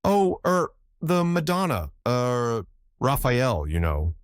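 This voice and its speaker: A man's voice: mid-range voice, sing-song, slow pace, smooth, dry recording, clean studio sound, pitched above the performer's own voice. A man voicing a nervous, evasive male secretary who stammers and hesitates over his words. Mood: flustered. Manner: flustered, stammering with hesitant ers. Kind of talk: audiobook character reading.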